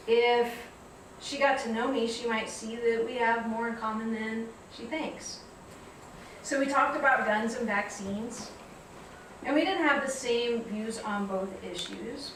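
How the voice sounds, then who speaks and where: A woman giving a reflective public talk, telling stories in a measured way. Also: fairly high pitch, fairly bright tone, heavy reverb, far from the mic, a little hiss or hum, low-quality recording. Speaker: guest speaker. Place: lecture hall.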